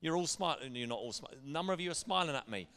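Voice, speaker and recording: A man's voice: fairly high pitch, animated, fast, sharp tone. A middle-aged man preaching a sermon as pastor, speaking in an earnest, conversational way. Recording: long hall reverb.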